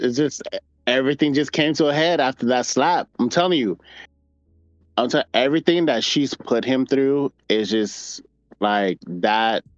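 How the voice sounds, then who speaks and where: A man's voice: mid-range voice, no echo. A man co-hosting a casual podcast chat, rambling through stories with lots of fillers and restarts. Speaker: podcast co-host. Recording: dull dry lo-fi sound.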